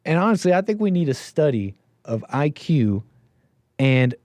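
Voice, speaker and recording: A man hosting a talk show, giving sarcastic, mocking commentary on a clip with animated asides. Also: fairly high pitch, normal speed, dry recording, studio quality. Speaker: show host.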